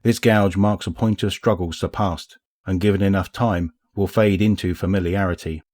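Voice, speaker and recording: A man narrating a story as an audiobook reader, in a measured, even way. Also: low-pitched, no room sound, studio quality. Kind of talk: scripted narration.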